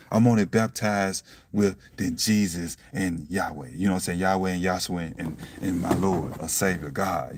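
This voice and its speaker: Low gravelly man with blunt profane talk. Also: no room sound. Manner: blunt and profane, with loud bursts of laughter; repeats catchphrases like "you see what I'm saying". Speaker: self-styled preacher vlogger. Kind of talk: casual spiritual monologue. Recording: dry, from a distance to the mic.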